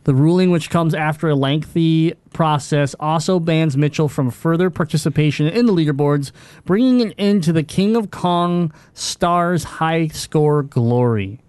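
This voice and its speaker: A man's voice: a little high, measured pace, darkish tone, clear, resonant tone, no room sound. A man hosting a gaming podcast, reading out news with fillers and joking with his co-host. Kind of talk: casual gaming news chat.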